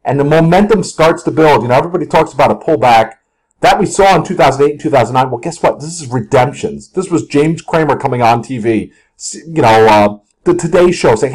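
A man's voice: mid-range voice, a little fast, a little mellow, husky. A man hosting a casual stock market video, talking over charts in a rambling, jokey way. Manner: rambling, jokey, slips into mock outbursts and sung lyrics.

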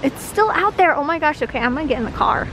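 A woman's voice: sits high, animated, fast, a bit bright, a little hiss or hum, rough recording. A young woman chatting casually to the camera in a daily vlog, rambling on, speaking into a handheld camera mic outdoors and then in a car. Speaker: vlogger.

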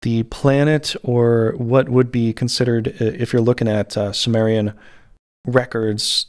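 A man's voice: medium pitch, fairly even intonation, normal speed, a little mellow. A man giving a casual, rambling tarot reading, full of fillers and restarts. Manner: rambling, meandering, lots of fillers. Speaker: tarot reader.

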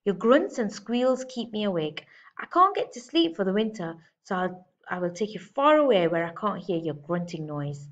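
A woman's voice: mid-range voice, big pitch swings, normal speed, natural voice. Grumpy storybook bear, growly and bossy, a lady putting it on, kinda muffled audio. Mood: cross. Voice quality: growling, grumbling. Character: grumpy, bossy male bear wanting sleep. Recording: slightly dull lo-fi recording.

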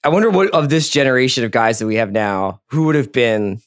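Man, co-host, thinking aloud, asks questions, casual movie chat, mid-range pitch. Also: lively intonation, a little fast, no echo, studio quality. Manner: musing, questioning. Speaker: podcast co-host.

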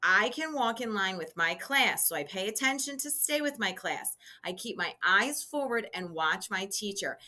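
Woman, kindergarten teacher, instructional video for little kids; sing-song and clear, bright tone. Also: medium pitch, expressive. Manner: slow, sing-song teacher voice addressing children. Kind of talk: instructional video for young children.

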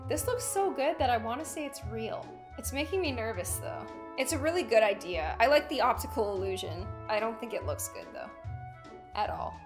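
A young woman with a bright, fairly high voice chats her way through a reaction video, giggly and full of playful tangents. Faint music hums underneath her talk. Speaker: gaming and reaction video host. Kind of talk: casual reaction commentary.

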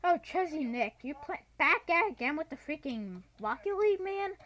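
Excitable high-voiced woman gamer. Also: normal speed. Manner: excitable, bursts into shrieks and yells, says dude a lot. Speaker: gaming channel host. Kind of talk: gameplay commentary.

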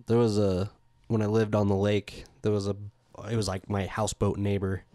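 A man's voice: fairly low pitch, level tone, normal speed, mellow, dry recording. A man hosting a podcast, trading laid-back and profane banter in casual chat. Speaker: podcast host.

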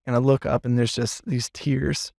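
Animated storytelling pastor, dry close sound. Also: male voice, mid-range voice, moderate pace, vocal fry, no room sound. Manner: animated storyteller, lots of fillers. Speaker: children's pastor. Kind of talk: casual podcast chat.

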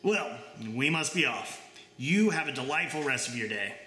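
A man's voice: mid-range voice, animated, moderate pace, pushed and bright, echoey room, a little hiss or hum. A man reading aloud, voicing a polite, worldly space alien who talks in a casual, chatty and mildly condescending way. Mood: breezy.

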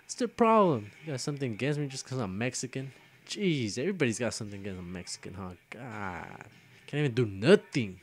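A young man gives loose, casual commentary over his own gameplay, joking and grumbling as he goes. He trash-talks opponents in a relaxed, chatty way at a middle pitch. It sounds like a home gaming video with an ordinary everyday voice. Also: fairly quick. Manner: joking, grumbling and trash-talking at other players.

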